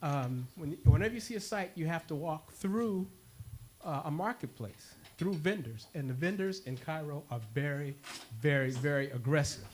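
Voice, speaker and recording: A man at a community worship gathering telling a story, animated and laughing, acting out both sides of a conversation. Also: on the high side, normal speed, slight background noise. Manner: animated, laughing, acts out dialogue. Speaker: worship speaker. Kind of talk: storytelling talk to a congregation.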